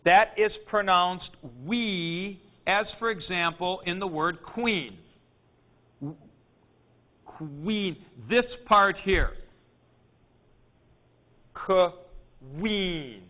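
Slow, high-voiced man lecturing. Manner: deliberate, explanatory, clears throat often. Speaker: Greek teacher. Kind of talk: classroom lecture. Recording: tinny phone-like lo-fi recording.

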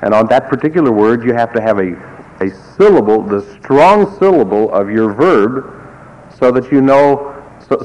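A man's voice: fairly low pitch, darkish tone. A man teaching a class, explaining in a digressive, wry way with asides. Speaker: music teacher. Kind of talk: classroom lecture. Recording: muffled lo-fi recording, faint hiss.

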